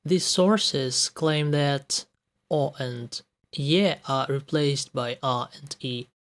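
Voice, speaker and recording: Man, language teacher, slow and deliberate, example words spaced out one by one. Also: a little high. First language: Russian. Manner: measured, says each example word on its own. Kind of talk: scripted explanatory lesson with example words.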